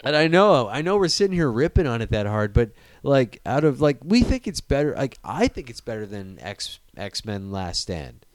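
A man hosting a casual movie chat, animated and profane, joking and laughing often. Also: medium pitch, moderate pace, few pauses, no echo. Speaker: podcast host.

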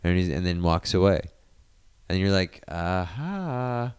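A man's voice: sits low, little pitch movement, moderate pace, clean tone. A man in casual podcast chat reviewing a movie, retelling scenes animatedly and swearing freely.

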